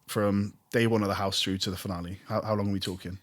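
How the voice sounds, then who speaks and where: A man's voice: lowish voice, level tone, fast. A man hosting a podcast interview, asking probing questions in a loose, conversational way. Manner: conversational, many fillers and restarts, probing questions. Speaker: podcast host. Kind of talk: casual interview chat.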